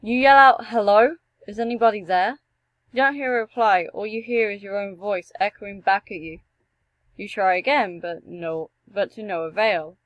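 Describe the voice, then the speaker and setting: A woman's voice: mid-range voice, moderate pace, no room sound, rough recording. Young woman reading a text game aloud. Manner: animated, joking asides, swears at the game. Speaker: gameplay streamer.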